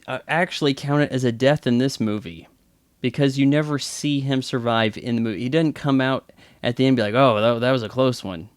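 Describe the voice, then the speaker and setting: A man's voice: medium pitch, dry recording, studio quality. A man giving casual movie commentary with chatty, wry asides. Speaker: film commentator.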